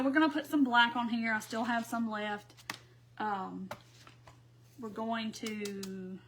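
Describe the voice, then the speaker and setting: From home, a woman hosts a casual craft livestream, painting while she chats and laughs with her viewers, whom she calls y'all. Her voice is on the high side and a bit bright, with a little hiss or hum in the recording.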